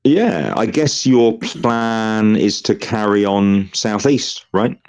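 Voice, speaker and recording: Game master, male, deep register, unhurried narration with many ums. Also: darkish tone, clear, resonant tone. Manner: measured, with frequent ums.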